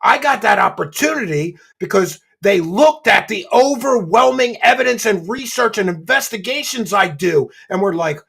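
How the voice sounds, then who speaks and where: A man hosting a commentary show, ranting and mocking, swinging between low muttering and loud shouting. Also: animated, moderate pace, vocal fry, few pauses, husky.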